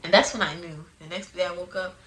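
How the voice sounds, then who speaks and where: A young woman casually telling her personal testimony into a phone, animated and prone to sudden loud outbursts, with uneven volume. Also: lowish voice, fast talker, a little hiss or hum, poor audio. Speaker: person giving a religious testimony.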